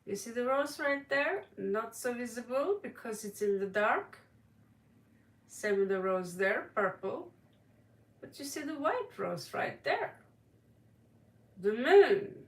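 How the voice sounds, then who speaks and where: Animated Norwegian woman reading tarot. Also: fairly high pitch, slow, long pauses, recorded from a distance. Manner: dramatic, emphatic, with sudden loud stresses. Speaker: tarot reader. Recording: echoey room, voice a bit off-mic.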